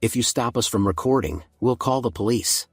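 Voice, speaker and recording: Earnest young lady reporter, protesting, husky dry sound, man doing her. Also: mid-range voice, expressive, normal speed, no echo. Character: earnest young woman reporter on first day.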